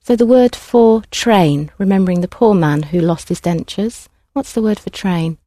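A woman teaching a language class, prompting students clearly and patiently. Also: mid-range voice, normal speed, mellow, no echo, clean studio sound. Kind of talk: classroom instruction.

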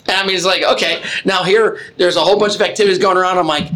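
High-voiced man co-hosting a chat show. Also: fairly even intonation, fast, a bit bright. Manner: jokey storyteller, laughs often. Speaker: podcast co-host. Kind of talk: casual chat.

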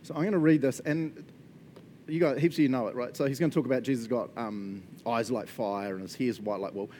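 A man preaching a casual, conversational sermon, animated and chatty, often checking in with his listeners. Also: mid-range voice, a little fast, a little hiss or hum. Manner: animated and chatty, frequent laughs and "right?" check-ins.

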